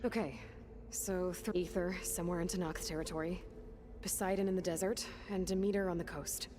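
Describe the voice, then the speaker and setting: A woman voicing a direct young hunter, low-voiced. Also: steady tone, a little fast, noisy background, close to an everyday voice. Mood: questioning. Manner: direct, pragmatic questioning. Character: determined young female hunter questioning an AI. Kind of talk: video game cutscene dialogue.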